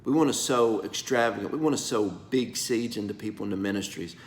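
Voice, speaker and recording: A man preaching an informal prophetic message, folksy and emphatic, his voice going from soft to loud. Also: fairly low pitch, brisk. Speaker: pastor. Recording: roomy echo, faint background noise.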